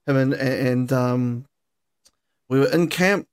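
A man hosting a podcast, telling a story in a casual, animated way with lots of swearing and laughter. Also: mid-range voice, takes it slowly, clean tone. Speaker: podcast host. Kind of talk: casual chat.

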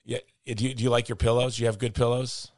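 A man's voice: medium pitch, level tone, quick pace, darkish tone, no echo, clean studio sound. A man hosting a podcast, chatting casually and teasing his guest with playful jokes. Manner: joking, teasing, plugs the sponsor playfully. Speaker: podcast host. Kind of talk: casual chat.

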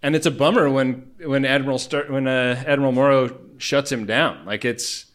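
A man's voice: mid-range voice, fairly even intonation, normal speed, fairly bright tone. A man co-hosting a casual, laid-back podcast, cracking jokes in a mid-range voice. He rambles a little, restarts his sentences and laughs often. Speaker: podcast co-host. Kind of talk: casual comedic chat.

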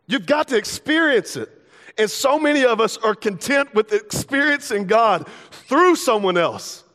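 A man's voice: high-pitched, lively intonation, moderate pace, fairly bright tone. A young man preaching a casual, playful sermon as pastor, slipping into everyday dialogue to make his points. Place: church sanctuary. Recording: long hall reverb.

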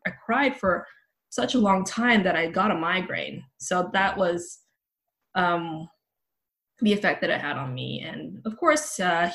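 A woman's voice: lowish voice, fairly bright tone. A woman in her thirties shares a personal story as a guest on an interview show, candid and conversational. She leans on casual fillers as she goes. Her voice comes through a remote call setup. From Los Angeles. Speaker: podcast guest, journalist.

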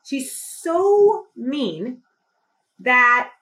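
A woman's voice: high-pitched, sing-song, extremely slow, fairly bright tone, low-quality recording. A woman who is a healthcare executive guest, telling a story in conversation with emphatic, impassioned intensity.

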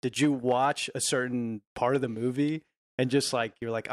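A man's voice: medium pitch, steady tone, normal speed, a little mellow. A man hosting a casual chat, laid-back and hedging, with many filler words.

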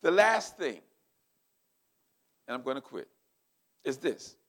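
An older man preaching a sermon, telling a personal story in an animated, emotional way. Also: mid-range voice, takes it slowly. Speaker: pastor.

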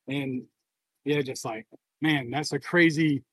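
A man co-hosting a podcast who talks in a reflective, halting way and is emotional and near tears. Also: mid-range voice, husky, no echo, rough recording. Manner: reflective, halting, open about feelings. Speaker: podcast co-host. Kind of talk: casual podcast conversation.

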